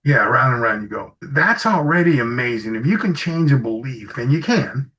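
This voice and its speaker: A man's voice: medium pitch, animated, moderate pace, a bit bright. Guy coaching leaders in an interview, tells little stories w/ quoted dialogue, audio a bit dull. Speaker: executive coach guest. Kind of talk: conversational interview storytelling. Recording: slightly muffled audio.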